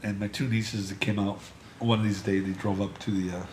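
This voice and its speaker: A man's voice: lowish voice, little pitch movement, brisk. A man who created the comic, chatting casually and rambling as he comments on the film. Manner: laid-back, rambling, trailing off. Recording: faint background noise.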